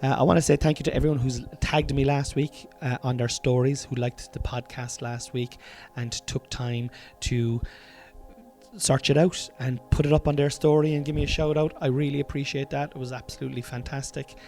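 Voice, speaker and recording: An Irish man of ordinary mid-range pitch rambles through a casual comedy podcast from a room at home, cursing now and then and calling his listeners lads. Faint music plays softly behind him. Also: fairly even intonation, moderate pace. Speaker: podcast host.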